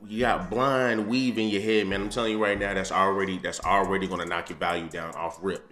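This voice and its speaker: A man's voice: on the low side, a bit bright. A man giving blunt, opinionated commentary with a slangy manner, repeating his points like a preacher. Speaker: commentary host reacting to a dating show clip. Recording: roomy echo, faint music behind.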